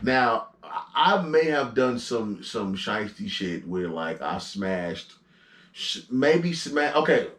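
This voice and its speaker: A young man co-hosting a podcast in casual chat, animated and teasing, cutting in with banter. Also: lowish voice, takes it slowly. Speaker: podcast co-host. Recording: echoey room, a little far from the mic.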